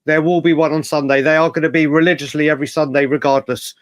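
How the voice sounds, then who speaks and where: A man co-hosting a podcast, telling stories in an animated, rambling casual chat with many restarts. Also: fairly high pitch, quick pace, no echo. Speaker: podcast co-host.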